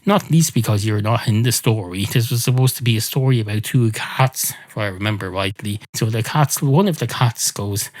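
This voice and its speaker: A man hosting a comedy podcast, musing aloud in a rambling, self-interrupting deadpan. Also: fairly low pitch, moderate pace, few pauses. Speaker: podcast host. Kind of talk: solo comedic rambling monologue.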